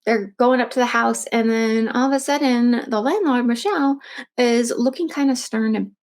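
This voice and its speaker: A woman's voice: on the high side, normal speed, darkish tone. Chatty woman retelling a true crime story. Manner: chatty, many fillers and restarts. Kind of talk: casual storytelling.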